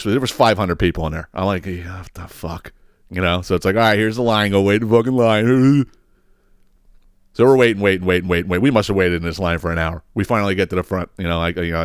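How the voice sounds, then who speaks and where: A man's voice: low-pitched, fast talker, smooth, no echo, clean studio sound. A man hosting a podcast, telling a story as a profane, exasperated rant that rambles and repeats words. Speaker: podcast host.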